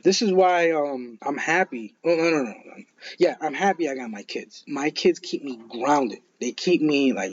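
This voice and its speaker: A man's voice: a little high, animated, moderate pace, breathy edge. A man in his thirties co-hosting a podcast, giving blunt, profane advice in casual chat. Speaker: podcast co-host. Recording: dull lo-fi podcast audio.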